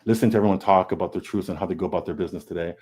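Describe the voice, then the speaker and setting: A man with a low, darkish voice races through his words as a comic book artist on a casual, candid panel held over video call. He is earnest, often starting over, repeating words, and acting out his thoughts, heard through a video call mic.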